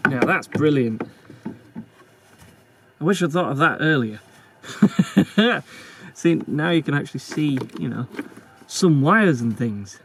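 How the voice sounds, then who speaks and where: A man's voice: a little high, fairly bright tone, slight background noise. A man restoring a car, chatting and muttering to himself as he works, self-deprecating and casual. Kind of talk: casual narration while working on a car.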